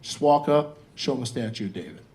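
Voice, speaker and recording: A man's voice: mid-range voice, expressive, brisk, heavy background noise. A man in his forties doing a crude, loose stand-up set, chatting with the audience from a comedy club stage on a handheld mic. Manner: crude, loose, crowd-working.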